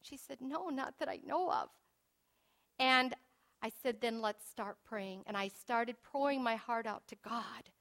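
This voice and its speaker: High, bright-voiced woman preaching. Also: measured pace. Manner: earnest, swings from hushed to emphatic. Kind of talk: sermon.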